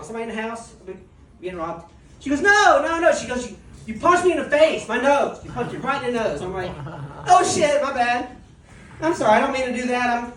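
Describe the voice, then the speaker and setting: A woman's voice: a little high, recorded from a distance, a little hiss or hum. Self-mocking woman doing stand-up in an echoey club. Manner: casual, self-mocking, laughs at own jokes. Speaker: stand-up comedian. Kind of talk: stand-up comedy set. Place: comedy club stage. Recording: echoey club recorded from afar.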